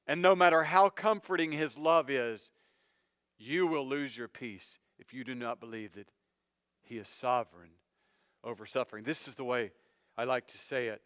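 A man preaching a sermon in a smooth, resonant voice that sits a little high for a man. He speaks earnestly and directly to the congregation, building phrases up loudly and then dropping to a hush. The sound is close and dry. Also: no room sound. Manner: dramatic swings between loud emphasis and hushed low phrases. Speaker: pastor.

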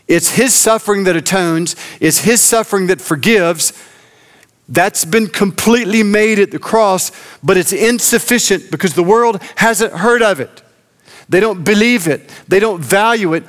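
A man preaching a sermon as pastor, earnest, slowing and dropping his voice low for emphasis. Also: a bit bright.

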